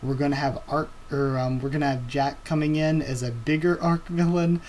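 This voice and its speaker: A man's voice: fairly high pitch, steady tone, normal speed, darkish tone, slight background noise. A young man hosting a live reaction video, chatting enthusiastically in a casual way with frequent fillers.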